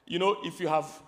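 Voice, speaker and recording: A Nigerian-accented man sermonizes about marriage before a crowd in a big hall, and his voice rings with long reverb. His pitch sits high, and he snaps from loud emphatic lines to quiet asides while throwing questions at the listeners. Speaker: marriage preacher. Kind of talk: sermon to a live audience. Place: large hall with an audience. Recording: hall reverb from a large venue.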